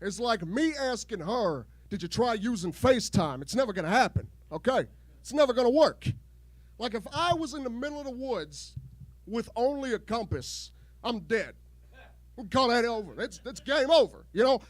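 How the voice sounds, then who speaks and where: A man with an unusually high, light voice performs crude stand-up, rambling and restarting his sentences. The sound is close and dry, with almost no room echo. He does his set at a home garage show before a live crowd. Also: animated, normal speed. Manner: crude, rambling jokes with repeated false starts. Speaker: stand-up comedian.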